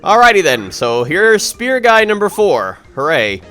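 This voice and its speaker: A man's voice: sits high, huge pitch swings, a little slow, sharp tone, smooth, soft background music. A man giving casual, rambling commentary over a video game playthrough, sarcastic and often correcting himself mid-sentence. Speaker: let's play commentator.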